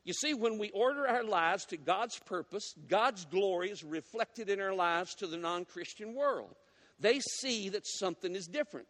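A man preaching a sermon as a guest, folksy and animated as he tells stories and teases the congregation. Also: high voice, normal speed, long reverb tail. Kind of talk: sermon with storytelling. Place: church sanctuary.

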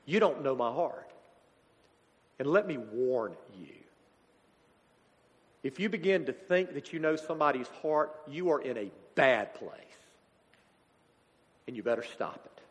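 Grieving pastor in a reverberant church. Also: male voice, mid-range voice, animated. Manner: emotional, halting, grieving father. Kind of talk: sermon. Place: church sanctuary.

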